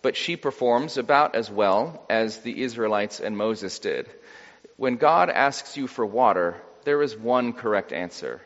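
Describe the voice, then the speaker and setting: A man preaching a sermon in a relaxed, conversational way, with wry humor. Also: medium pitch, measured pace. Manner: conversational, acts out quoted voices with wry humor. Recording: dull sound with long hall reverb.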